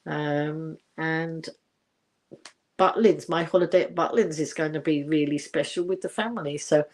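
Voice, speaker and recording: A woman's voice: deep voice, normal speed, a little mellow. An older woman hosting a casual livestream, chatting in a rambling way with many fillers and restarts and reading out viewer comments. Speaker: livestream host.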